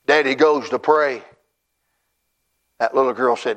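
A middle-aged man preaching a revival sermon at a church conference, crying out and shouting in rising bursts, with folksy, self-deprecating humor. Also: mid-range voice, unhurried, pauses often.

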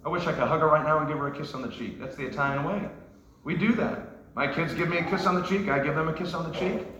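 A preacher from New York delivering an emphatic sermon in a church, with rising shouts and joking asides. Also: male voice, on the high side, fast talker, reverberant, rough recording. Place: church sanctuary.

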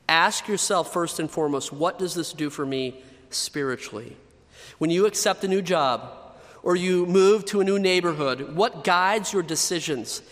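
A man's voice: a little high, fairly bright tone, big-room sound. A man preaching a sermon as pastor, emphatic, repeating key phrases for effect.

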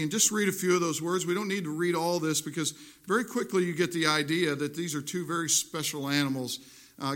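A man's voice: on the high side, fairly bright tone. A man preaching a sermon, reading scripture aloud and explaining it with earnest emphasis. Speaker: pastor.

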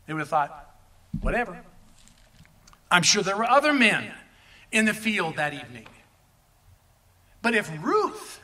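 Pastor guy preaching, bright tone, sounds a bit far off from the mic. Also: very high voice. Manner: animated preaching with asides to the congregation. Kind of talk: sermon.

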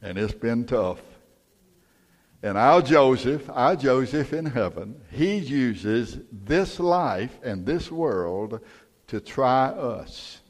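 Folksy older preacher in a reverberant church. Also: male voice, mid-range voice, expressive, takes it slowly. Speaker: pastor. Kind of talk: sermon. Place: church sanctuary.

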